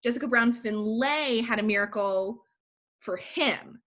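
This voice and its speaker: A woman's voice: on the high side, a little slow. A woman in casual conversation, animatedly retelling a film plot full of "like" fillers. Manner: animated storytelling, recapping a movie with filler "like". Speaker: podcast co-host. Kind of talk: casual chat.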